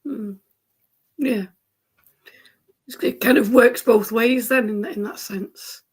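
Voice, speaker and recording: A woman's voice: a little high, fairly even intonation, slow pace, slightly rough. A woman from England with a northern English accent, hosting a friendly, casual chat over a video call and laughing often. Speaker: host. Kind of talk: casual conversation.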